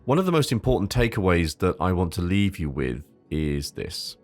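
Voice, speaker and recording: A man's voice: low-pitched, sing-song, moderate pace, faint music behind. A man hosting a solo advice podcast. He reads from a script, stumbles over repeated words, and drops into casual asides, sometimes with a swear. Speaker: podcast host.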